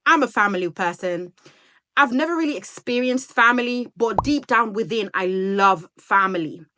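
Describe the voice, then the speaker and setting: A woman's voice: a little high, animated, normal speed, sharp tone, slight background noise. A talkative woman in her thirties from Sierra Leone, chatting casually and rambling to her viewers in a vlog. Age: 30s. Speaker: vlogger. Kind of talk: casual chat to camera.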